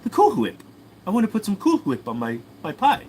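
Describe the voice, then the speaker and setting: A man's voice: high-pitched, wildly swooping pitch, a little fast, darkish tone, slight background noise, voice pushed up. A man imitating a haughty infant boy genius with a clipped, demanding manner.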